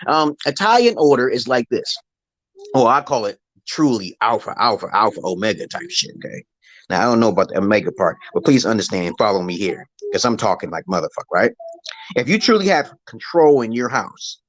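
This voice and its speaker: Middle-aged male stream host, rambling and profane, lively swooping pitch, dry close phone sound. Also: fairly quick, no echo. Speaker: livestream host. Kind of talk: rambling live-stream monologue.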